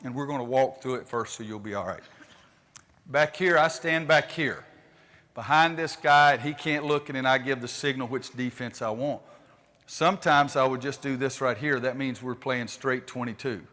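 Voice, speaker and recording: An older basketball coach with a medium-pitched, sharp-toned voice runs a clinic demonstration on a gym court at a moderate pace. His manner is folksy as he calls out instructions to players, and the sound carries a big-room quality.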